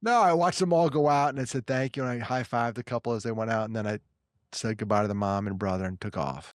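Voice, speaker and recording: A man with a New York accent, co-hosting a podcast and telling stories in casual, animated chat full of quick restarts. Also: mid-range voice, no echo, clean studio sound. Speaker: podcast co-host.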